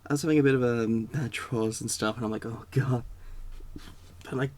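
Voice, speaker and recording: A man's voice: mid-range voice, steady tone, normal speed, a little mellow. A man giving a casual, rambling spoken rant, full of fillers and restarts. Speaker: video creator.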